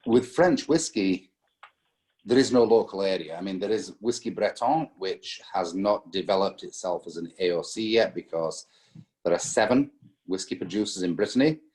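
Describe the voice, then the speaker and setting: A man with a very low voice, talking through an interview as a spirits importer. He speaks casually, pausing on fillers and restarting his sentences as he works through long stories. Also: lively intonation, a little mellow. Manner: hesitant, many fillers and restarts, storytelling.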